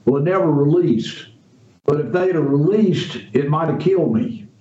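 An older man, a radio guest telling a story in a slow, folksy, drawn-out way. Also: fairly high pitch, expressive, mellow. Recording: roomy, distant, dull radio recording.

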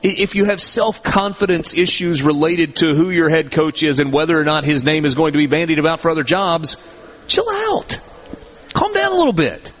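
A man's voice: a little high, fairly even intonation, brisk, few pauses, fairly bright tone. A middle-aged man hosting a sports talk show, talking casually at length and often repeating words as he starts a sentence. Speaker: sports radio host.

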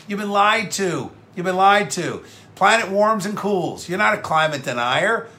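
A combative talk show host from New with a high, bright voice. He rants sarcastically, repeats himself for punch and fires back at viewer comments. His delivery is blunt and restless. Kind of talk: live-streamed talk show rant.

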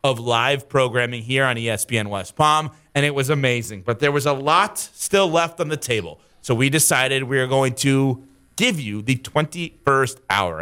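Animated, bright-voiced sports radio host. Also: male voice, mid-range voice, smooth. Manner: joking, teasing, quick to laugh. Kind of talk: casual studio chat. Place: radio studio.

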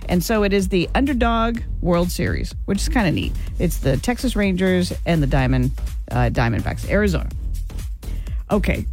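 Chatty woman morning radio co-host. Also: mid-range voice. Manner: chatty, laughs often, animated storytelling. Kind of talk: casual morning radio banter. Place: radio studio. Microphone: studio microphone.

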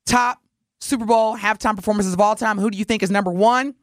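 A woman co-hosting a morning radio show, telling a story in lively chat and acting out the voices of the people in it. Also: mid-range voice, a little fast, dry recording, studio quality. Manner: animated, acts out voices while telling a story. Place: radio studio.

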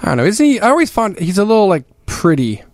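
A man's voice: high-pitched, big pitch swings, quick pace, a little mellow, no room sound, studio quality. Wry joking man co-host. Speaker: podcast co-host. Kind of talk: casual chat.

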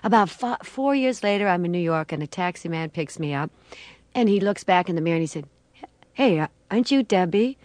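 An older woman, a guest, telling a long story with animated, acted-out voices and laughter. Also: fairly low pitch, fast, no echo.

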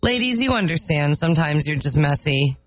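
A woman's voice: deep voice, expressive, a little fast, soft background music. A young woman co-hosting a radio morning show, goofy and self-mocking in casual banter.

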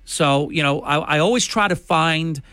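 A man's voice: fairly high pitch, moderate pace, pushed and bright, no room sound. A man hosting a talk radio show, combative and scornful, with emphatic delivery into a studio microphone.

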